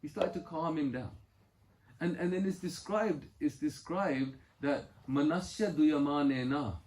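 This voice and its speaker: A man with a slightly high voice talks through a scripture story in an earnest, explaining way. He quotes verses and mixes in stories from his own life. The room around him is echoey. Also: darkish tone. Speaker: spiritual speaker. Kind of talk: scripture talk with personal stories. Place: home gathering.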